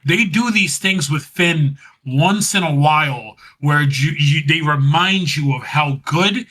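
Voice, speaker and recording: A man's voice: a little high, slow pace, pushed and bright, poor audio. A man co-hosting a podcast, casually recapping wrestling, rambling and laughing as he acts out what was said. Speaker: podcast co-host.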